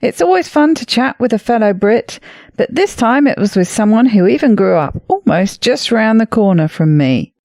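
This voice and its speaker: A woman's voice: mid-range voice, gravelly, warm tone, no room sound. Woman, Southeast English accent, podcast host, chatty, dry close sound. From Southeast England. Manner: chatty, laughs often. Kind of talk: casual interview chat.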